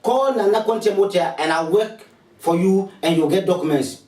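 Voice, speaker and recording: A man with a Ghanaian accent makes a preachy, repetitive sales appeal, coaxing and urging his listeners over and over. His voice sits high for a man. He sounds set back from the mic in an echoing room. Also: moderate pace, warm tone, far from the mic. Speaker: spiritualist advertising his services. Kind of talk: promotional appeal to viewers.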